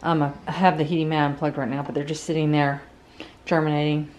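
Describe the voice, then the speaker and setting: A woman's voice: deep voice, little pitch movement, fairly quick, darkish tone. A woman chatting casually as she vlogs her gardening and yard work, upbeat and talking through each task. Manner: chatty, upbeat, narrating her own chores. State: out of breath after yard work. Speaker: gardening vlogger. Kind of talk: casual vlog narration. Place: backyard garden, outdoors.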